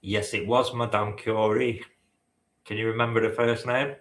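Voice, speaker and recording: A man's voice: lowish voice, level tone, normal speed, a bit bright. A man hosting a live-stream quiz, bantering with the chat, teasing and swearing casually. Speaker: quiz host. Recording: roomy echo.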